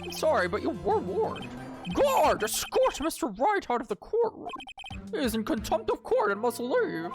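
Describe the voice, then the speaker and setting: A woman's voice: high voice, huge pitch swings, moderate pace, over music. A woman voicing a timid old male judge with a stiff, formal courtroom manner while reading a game on stream. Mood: stern.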